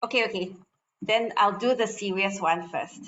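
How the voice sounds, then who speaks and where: A woman reading a poem in a measured, solemn way. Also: mid-range voice, a bit bright. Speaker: poet. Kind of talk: poetry reading. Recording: dull lo-fi audio with faint background noise.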